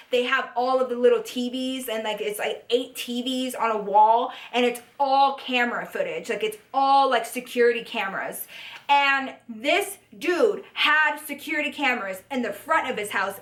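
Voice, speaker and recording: Young woman vlogger rambling through a storytime, swears a lot, high bright voice, echoey room. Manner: chatty, profane, lots of "like" and "okay?". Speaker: beauty vlogger. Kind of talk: storytime vlog.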